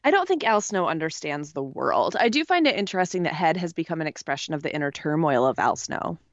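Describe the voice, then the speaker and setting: A woman co-hosting a casual recap podcast, opinionated and animated with quick asides. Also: sits low, no room sound, muffled recording. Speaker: podcast co-host. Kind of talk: casual chat recapping wrestling.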